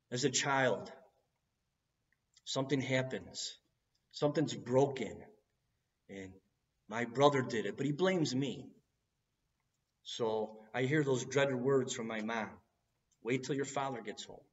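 Male preacher, unhurried earnest sermon delivery, recorded from a distance with a dull sound. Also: medium pitch. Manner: earnest, building to cries at key moments.

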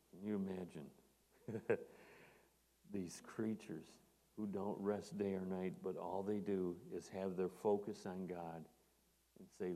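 Deep-voiced preacher in a reverberant hall. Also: male voice, warm tone. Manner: earnest, rising to emphatic on scripture quotes. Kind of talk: sermon.

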